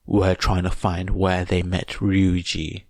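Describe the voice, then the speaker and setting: A man voicing a weary gruff male hero teacher who speaks curtly. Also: low voice, completely flat delivery, slow pace, no echo, clean studio sound, full character voice. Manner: curt, terse.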